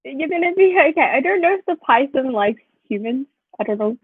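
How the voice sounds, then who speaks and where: A woman's voice: high-pitched, brisk, no echo. Chatty Australian woman, phone-like sound. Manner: chatty, fillers of "like", animated storytelling. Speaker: vlogger. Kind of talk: casual chat to viewers. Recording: tinny phone-like sound, dry.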